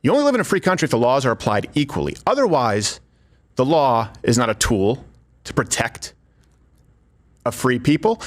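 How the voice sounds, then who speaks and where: A man's voice: medium pitch, very animated, normal speed, long pauses. A man hosting political commentary, making his case in a persuasive, emphatic scripted delivery.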